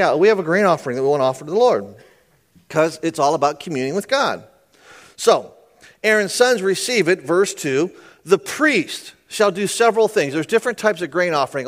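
A man's voice: high-pitched, a bit bright. A man teaching a sermon through scripture, reading verses aloud and explaining them in a chatty way, often checking in with listeners and joking. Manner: conversational, checks in with listeners, puns and jokes. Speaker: preacher.

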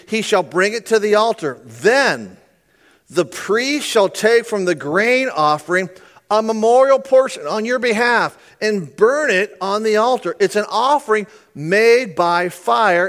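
High-voiced man preaching conversationally. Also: animated, measured pace, a bit bright. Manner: conversational, checks in with listeners, puns and jokes. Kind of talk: sermon teaching from scripture.

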